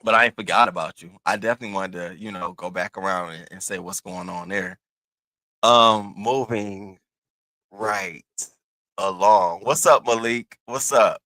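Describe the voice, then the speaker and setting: A man dishes online drama in an animated, sassy style, swearing freely and leaping into high squeals. His voice is bright and sharp. The sound is dry and close, with no room echo. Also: normal speed. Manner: animated and sassy, lots of slang and cussing; jumps into high squealing bursts. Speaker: commentary host. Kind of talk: casual gossip commentary.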